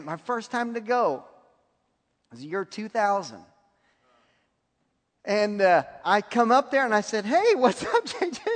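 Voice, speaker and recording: Male preacher, high voice, animated storyteller who laughs easily, long hall reverb. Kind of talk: sermon testimony.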